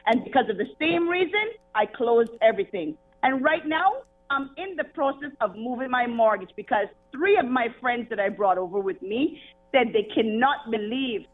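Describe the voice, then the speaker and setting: A woman caller making an impassioned, repetitive complaint over the phone, upset and pleading. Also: high voice. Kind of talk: irate call-in complaint. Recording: tinny phone line.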